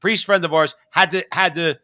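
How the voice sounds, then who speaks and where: A man's voice: fairly high pitch, fairly even intonation, normal speed, bright, forceful tone. A man co-hosting a political talk show, ranting emphatically with frequent restarts. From United States. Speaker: co-host. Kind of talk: political commentary chat.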